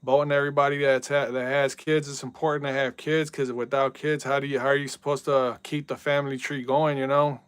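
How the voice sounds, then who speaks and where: A man live-streaming a football video game in casual chat, reading out viewer messages and yelling at big plays. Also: mid-range voice, level tone, fairly quick, few pauses, clean tone, dry recording.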